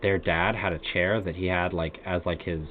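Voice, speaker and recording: His voice is low and his tone steady as this American streamer tells a rambling, relaxed story at normal speed, peppered with "uh" and "like." There's slight background noise, and the audio is tinny like a phone, with faint music behind it.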